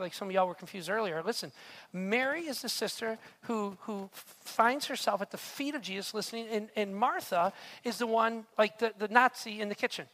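A male pastor preaching a sermon, telling a story with lively rhetorical asides to his audience. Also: very high voice.

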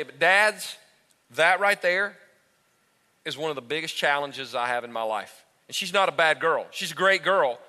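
Pastor guy preaching on stage, bright forceful voice, big echoey hall. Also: fairly high pitch. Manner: animated, talks straight to the congregation. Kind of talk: sermon. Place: church stage before a congregation. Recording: echoey hall with long reverb.

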